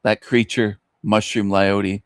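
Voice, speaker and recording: A man's voice: fairly low pitch, little pitch movement, takes it slowly, clear, resonant tone, no echo, studio quality. A man hosting an online radio show, ranting scornfully at his listeners with mocking laughs and rhetorical questions. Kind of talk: scornful solo rant.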